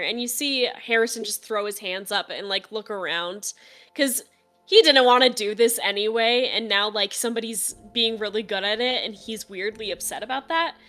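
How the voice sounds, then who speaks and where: A woman's voice: a little high, pushed and bright. A woman narrating a tabletop game as game master in a casual, chatty way. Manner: casual, chatty, with fillers and laughs.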